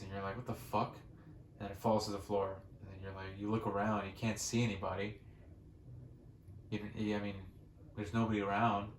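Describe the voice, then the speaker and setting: A young man rambles through casual gameplay commentary, swearing often and restarting his thoughts. His voice sits a little low. It is recorded in an echoey room with a faint hiss behind it. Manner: rambling, swears freely, frequent restarts and fillers. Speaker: gaming channel host.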